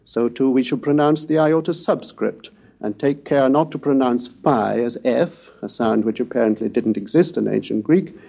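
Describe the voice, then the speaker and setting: An older man giving a measured, scholarly lecture on ancient Greek pronunciation, reading verse slowly in a chanted way. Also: medium pitch, creaky, warm tone. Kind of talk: recorded lecture with recitation.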